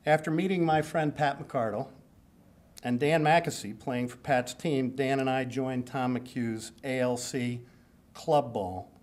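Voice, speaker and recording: A man's voice: medium pitch, fairly even intonation, slow, darkish tone. A man in his sixties giving a hall of fame acceptance speech at a banquet, joking, self-deprecating and rambling.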